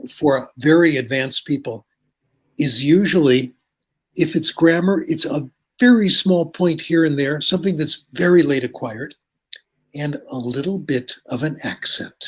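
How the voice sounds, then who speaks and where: An older man, a linguistics professor, explains ideas and tells anecdotes in an interview, often checking in with a quick "okay?". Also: mid-range voice, husky.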